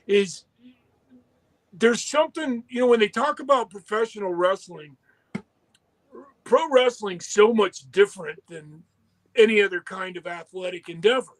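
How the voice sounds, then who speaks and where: A man's voice: high-pitched, unhurried, long pauses, poor audio. A man talking earnestly and at length as a podcast guest, often circling back on his words. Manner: rambling, earnest, many restarts. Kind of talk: casual talk.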